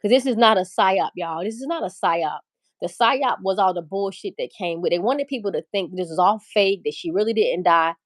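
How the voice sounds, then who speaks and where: A woman's voice: mid-range voice, brisk, no room sound, clean studio sound. A woman hosting a casual livestream chat, talking in a candid, emphatic, profane and rambling way. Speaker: livestream host.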